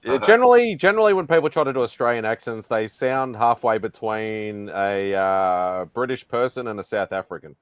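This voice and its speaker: A man with a fairly low voice hosts a relaxed pop-culture panel chat. He is easygoing and laughs often. The sound is dry and close, with little room echo. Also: moderate pace, few pauses, clean tone. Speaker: host.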